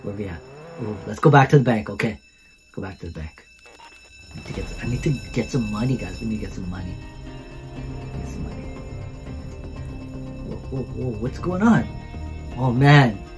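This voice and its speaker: A man hosting his gaming channel, giving excitable gameplay commentary, repeating himself and calling out to his viewers. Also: on the low side, moderate pace, long pauses, music in the background.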